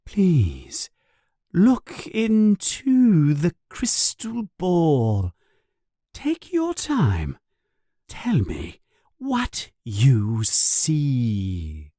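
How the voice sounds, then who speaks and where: A storyteller voicing an eccentric older female seer teacher who talks in an airy, fussy way and booms in a trance. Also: huge pitch swings, extremely slow, mellow, dry recording, studio quality, full character voice. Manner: airy and fussy, then booming trance prophecy.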